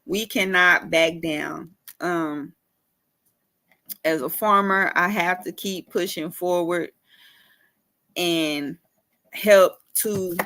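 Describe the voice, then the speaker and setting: A woman's voice: fairly low pitch, fairly bright tone. A woman urban farmer ranting in a casual vlog, emphatic and repetitive, cussing freely.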